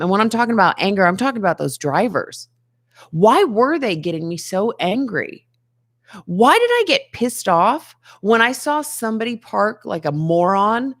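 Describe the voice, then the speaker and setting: A woman hosting a daily self-help show, talking earnestly to the camera, asking rhetorical questions and laughing between points. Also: medium pitch. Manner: earnest, conversational, asks many rhetorical questions. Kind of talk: motivational talk to camera.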